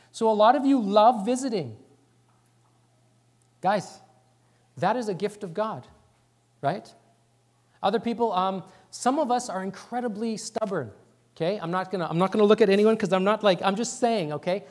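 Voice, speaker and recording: Excitable fast-talking man preaching. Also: high-pitched. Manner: talks fast and excitedly, drops words. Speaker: pastor. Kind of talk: sermon.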